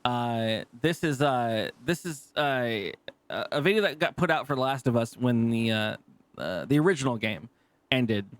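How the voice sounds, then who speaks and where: Recorded dry, a medium-pitched man with lively intonation speaks at normal speed during a live stream. Talking casually to his chat about the game, he rambles with many restarts and fillers, swears freely, and laughs readily.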